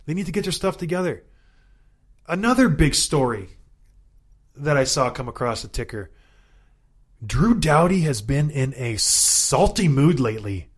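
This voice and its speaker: A man in his thirties, a former hockey player co-hosting a casual sports chat, ranting in an animated, exasperated way and repeating himself for emphasis. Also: on the high side, unhurried, long pauses, husky. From Canada.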